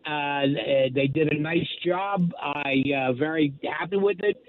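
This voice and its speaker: A man's voice: a little high, measured pace, crowd noise. An older man, a stand-up comedian, telling stories in a radio interview with dry, self-deprecating humor and lots of fillers. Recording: tinny phone line.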